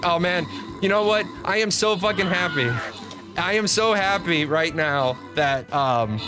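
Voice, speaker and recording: A man streaming live, ranting with lots of swearing and frequent restarts as he talks to his chat. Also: fairly high pitch. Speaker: gaming streamer. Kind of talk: profane live-stream rant.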